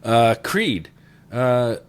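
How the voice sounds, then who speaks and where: A man's voice: mid-range voice, big pitch swings, very slow, clear, resonant tone. A man from Canada co-hosting a livestream, reading out viewer questions in an easygoing, often laughing way. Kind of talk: casual livestream Q&A chat.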